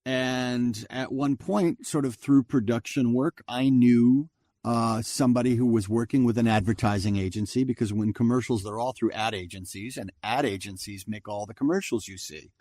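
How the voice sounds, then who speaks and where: This guest, a fifty-something voice actor, spins stories conversationally and voices the other characters as he goes. His medium-pitched, somewhat dark voice moves at a moderate pace, captured in clean studio sound without echo.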